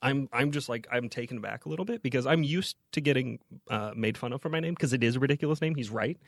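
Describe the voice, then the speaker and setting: A man co-hosting a podcast, telling an anecdote in an animated, casual way from a podcast booth. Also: mid-range voice, fast, creaky, dry recording, clean studio sound. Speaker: podcast co-host. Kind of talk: casual chat.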